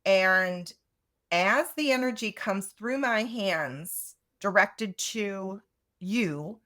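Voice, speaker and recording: A woman's voice: medium pitch, expressive, slow pace, bright, forceful tone. A middle-aged woman, a Reiki teacher, explaining her practice earnestly in a casual interview. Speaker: Reiki master teacher, guest.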